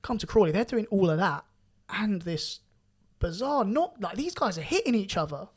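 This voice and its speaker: A young man telling his story in a casual podcast chat, animated and swearing now and then. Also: high-pitched, moderate pace, breathy edge. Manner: animated, rising loud when excited, swears casually. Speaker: podcast guest karate champion.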